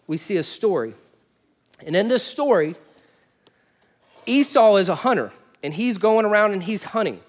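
Animated high-voiced male pastor. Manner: animated storytelling, wide swings between loud bursts and quiet asides. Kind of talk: sermon.

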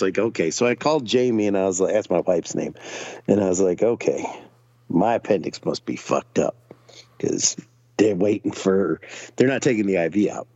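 A low-voiced man spins a long, swearing-filled story with a very lively, swooping delivery. He jumps in and out of other people's voices as he tells it. The sound is dull and lo-fi, like a basic podcast setup. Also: slightly rough, dry recording. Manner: profane, animated storyteller acting out other people's lines. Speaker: podcast guest. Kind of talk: casual storytelling.

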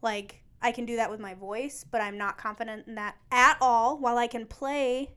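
Chatty woman with a smooth higher voice. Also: fairly even intonation, normal speed, fairly bright tone. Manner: chatty, self-deprecating, laughs often. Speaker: singer in choirs. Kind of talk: casual chat.

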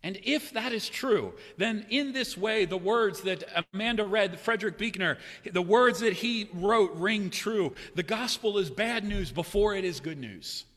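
A man preaching a sermon in a church, swinging between loud, raised cries and hushed, low passages. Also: animated, measured pace, few pauses. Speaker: pastor. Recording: long hall reverb.

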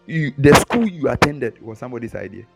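A man's voice: mid-range voice, a little fast, creaky, loud music behind the voice. A man preaching a sermon, teasing his listeners with mocking imitations and chuckles. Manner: animated, mocking mimicry, frequent chuckles.

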